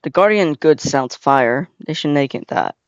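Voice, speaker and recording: A man's voice: fairly high pitch, animated, normal speed, smooth, no room sound. A young man hosting a casual reaction video, rambling with lots of fillers and slang. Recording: dull, lo-fi, dry sound.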